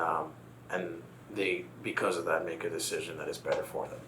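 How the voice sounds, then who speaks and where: A man's voice: low voice, flat delivery, a little fast, creaky, bright, forceful tone, slight background noise. A man from Texas, a guest in a casual conversation, talking reflectively and telling a personal story.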